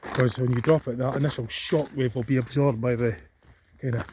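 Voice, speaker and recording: Scottish male vlogger, mid pitch, rambling walk-and-talk, outdoor camera audio with clear background noise. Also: steady tone, brisk. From Scotland. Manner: rambling, thinking aloud with fillers. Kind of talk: casual walking vlog. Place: outdoors by a reservoir on a cold day.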